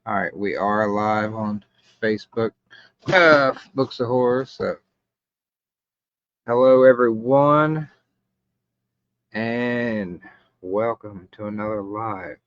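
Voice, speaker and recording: A man's voice: lowish voice, slow pace, fairly bright tone, no room sound. A man hosting a casual live chat, talking in a laid-back, rambling way over a stream. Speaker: livestream host. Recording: muffled lo-fi stream audio.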